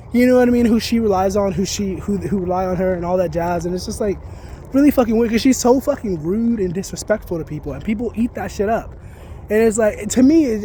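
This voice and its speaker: Outdoors near some geese, a psychic reader and spiritual content creator rants in a casual vlog, heated, rambling and full of swearing. His voice is high and mellow, with slight background noise behind it.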